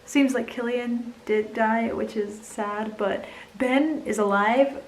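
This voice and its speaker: A woman's voice: a little high, fairly even intonation, unhurried, echoey room, a little hiss or hum, low-quality recording. A young woman vlogging casually about a book she just read, emotional and teary, laughing often and dropping into whispers. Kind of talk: casual reading vlog.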